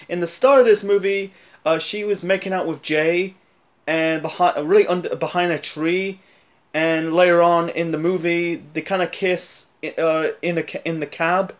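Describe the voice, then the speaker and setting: In a voice that sits high, with fairly even intonation at normal speed, a man talks through a film review over dull-sounding audio. It's a casual, meandering take full of fillers and false starts.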